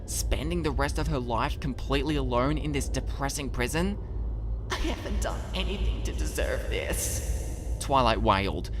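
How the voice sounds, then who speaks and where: Man, narrator, dramatic audiobook reading, medium pitch, measured, expressive. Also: background noise. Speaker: narrator and author.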